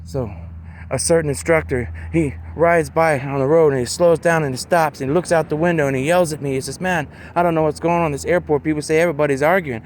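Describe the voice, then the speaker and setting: Speaking in a slightly high voice with fairly steady intonation, this man wanders through a casual monologue, often saying "man" and "you know" and drawing words out for emphasis. A little background noise can be heard.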